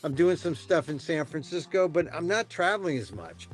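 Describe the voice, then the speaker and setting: An older man hosting a casual comedy talk show, mocking politics with sarcastic, deliberately simple phrasing. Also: a little high, sing-song, faint music behind. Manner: playful, mock-simple sarcasm. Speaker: host.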